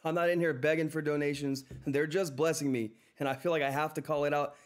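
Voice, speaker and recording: A man hosting a live stock trading stream, talking through price charts in an excitable, effusive way that repeats itself. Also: a little high, fast. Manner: excitable, effusive, repeats himself, says "all right?" often. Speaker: livestream stock trading host. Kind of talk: live market commentary and chat.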